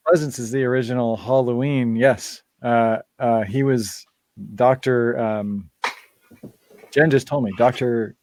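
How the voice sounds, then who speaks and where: A man's voice: mid-range voice, fairly even intonation, a little slow, a little mellow, no room sound. A man hosting a live-stream Q&A in casual chat, rambling through asides and laughing often. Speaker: band member hosting a live Q&A.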